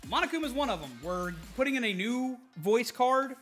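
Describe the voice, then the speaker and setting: A man's voice: extremely high pitch, animated, a little fast, fairly bright tone, faint music behind. A man casually chatting on a live stream, answering viewers and laughing easily.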